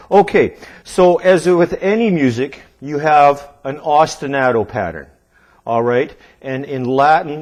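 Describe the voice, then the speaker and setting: A man teaching a drum lesson in an easygoing, instructional way. He counts the beats aloud while he plays and keeps checking in with the listener. Some music sits faintly under his voice. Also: mid-range voice. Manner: relaxed, checks in often with okay and all right. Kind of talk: instructional demonstration.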